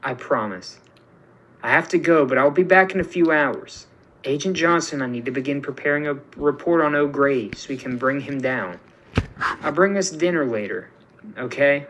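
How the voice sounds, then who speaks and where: A man's voice: on the high side, lively intonation, normal speed, fairly bright tone, slight background noise, rough recording. A man reading as a firm protective commander. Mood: reassuring. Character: steady protective woman commander.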